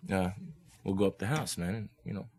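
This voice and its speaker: A man's voice: sits low, brisk, darkish tone, husky. A young man from Oklahoma, a guest musician, telling stories in laid-back hip slang and laughing often as he acts out the people in them. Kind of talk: casual storytelling.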